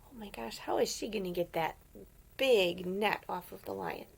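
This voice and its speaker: A woman reading a picture book aloud to children, gentle and often whispering, with playful animal sounds. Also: mid-range voice, normal speed, gravelly, husky. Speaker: storyteller for children.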